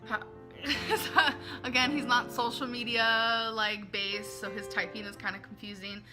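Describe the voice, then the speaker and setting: A woman's voice: on the high side, little pitch movement, unhurried, over music. A woman in a confessional vlog, earnest and emotional, reading out messages and talking them through. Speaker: vlogger.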